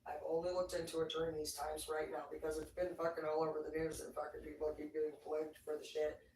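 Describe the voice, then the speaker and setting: An excitable livestreamer rants in a loose, profane ramble, swinging from quiet asides to loud bursts. The voice sits at a middling pitch and sounds distant from the mic. A roomy echo and faint background noise fill the space around it. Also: quick pace.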